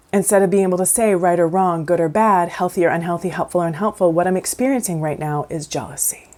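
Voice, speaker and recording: A woman counsellor explaining emotions in a conversational teaching talk, acting out inner voices with sudden pitch jumps. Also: a little mellow.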